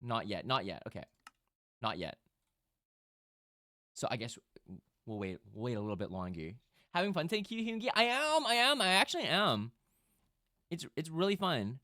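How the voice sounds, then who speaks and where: A man streaming live, chatting casually with his audience and breaking into loud bursts of laughter. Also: medium pitch, big pitch swings, normal speed, pauses often, no echo, studio quality.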